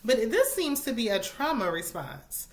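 A woman's voice: fairly high pitch, sing-song, normal speed. A young woman hosting a casual reality show recap, chatty and opinionated, often laughing.

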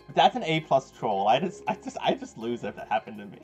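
A young man chatting casually to his live-stream viewers while playing a game, rambling, excitable and quick to laugh. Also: on the high side. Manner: rambling, excitable, laughs often, talks to chat. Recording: dull lo-fi stream audio with game music. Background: game music.

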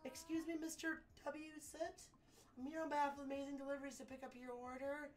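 A woman voicing a polite, earnest young courier girl, raising her voice higher and speaking meekly. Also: little pitch movement, quick pace, slight background noise, natural voice. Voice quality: polite, eager, meek.

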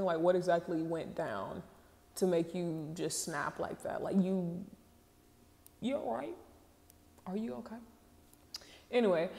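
A woman's voice: medium pitch, long reverb tail. A woman hosting a casual show, reading online posts aloud and reacting with candid, slangy asides and laughs.

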